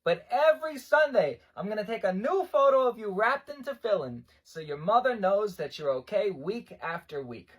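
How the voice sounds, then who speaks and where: Man playing reassuring rabbi, laid-back and lively. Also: sits high, moderate pace, hardly any pauses, pitched above the performer's own voice. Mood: kind. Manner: relaxed, reassuring. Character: easygoing male New York rabbi.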